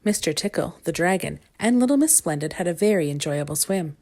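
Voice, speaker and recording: A woman reads a children's storybook aloud, calm and measured. Her voice sits a little low. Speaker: storybook reader. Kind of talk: storybook reading.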